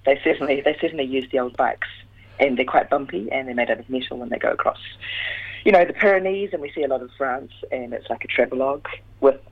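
A man reviewing a film on a radio chat, measured and explanatory. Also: mid-range voice, narrow, tinny audio.

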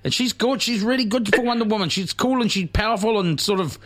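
Fast-talking, high-voiced male radio host. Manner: rambling, excitable, many restarts. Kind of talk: casual radio chat.

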